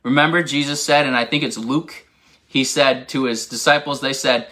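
A man's voice: medium pitch, steady tone, normal speed, sharp tone. A man giving an informal, enthusiastic bible teaching, rambling into asides and laughing at himself. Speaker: preacher.

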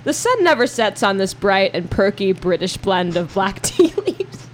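A woman's voice: mid-range voice, sing-song, measured pace, noisy background. A young woman from the United States hosting a casual podcast chat, bubbly and laughing often. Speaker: podcast host.

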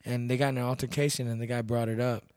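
A man's voice: mid-range voice, level tone, rapid-fire, darkish tone, clean tone, dry recording, clean studio sound. Blunt, laid-back man from Texas. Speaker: podcast guest, bouncer and MMA fighter. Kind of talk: casual storytelling chat.

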